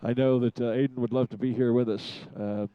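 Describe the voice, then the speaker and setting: A man giving chatty live commentary from a rooftop studio, pausing often with fillers. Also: medium pitch, little pitch movement, clean tone, no room sound, lo-fi sound. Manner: chatty, hesitant with many fillers. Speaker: event commentator.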